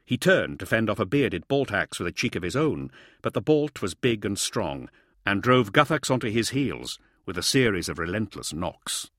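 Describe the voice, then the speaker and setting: Guy reading an audiobook, lowish voice, dry close sound, measured and dramatic. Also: very animated, fairly bright tone, dry recording. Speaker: audiobook narrator. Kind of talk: scripted narration.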